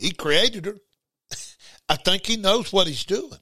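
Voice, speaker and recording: High, bright-voiced preacher man. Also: slow, slightly rough, no room sound. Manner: animated, repeats words, bursts into shouting. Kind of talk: informal broadcast sermon.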